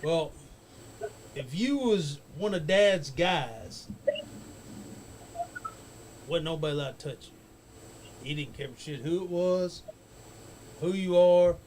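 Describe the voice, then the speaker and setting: Brief: raised-voice male storyteller, swoopy and animated, salty and rambling; crowd noise under him. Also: a little high, slow, long pauses. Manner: rambling, profane, laughs at his own story. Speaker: guest on a wrestling talk show. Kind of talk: casual storytelling chat.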